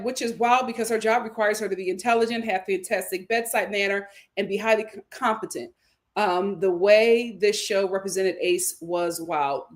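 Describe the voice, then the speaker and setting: A woman hosting a livestream, reading viewer comments aloud and reacting to them emphatically, often repeating her own lines for effect. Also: mid-range voice. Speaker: show host.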